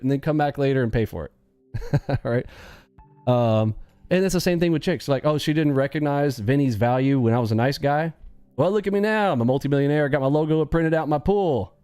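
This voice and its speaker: Joking man live-streaming, dark dry voice. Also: a little high, no room sound. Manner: joking, animated, acts out quick bits of dialogue. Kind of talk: casual live-stream chat.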